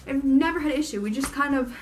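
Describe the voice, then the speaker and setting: A woman's voice: high voice, fast, a little hiss or hum. A young woman telling a personal story on her vlog, frank and emphatic, swearing freely. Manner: frank and profane, lots of swearing; fired up and emphatic. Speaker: vlogger.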